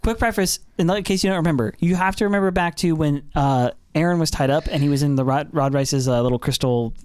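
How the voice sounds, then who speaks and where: A man's voice: on the high side, fast talker, a little mellow, clear, resonant tone. A young man co-hosting a casual podcast, recapping an anime episode with lots of fillers and restarts. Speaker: podcast co-host.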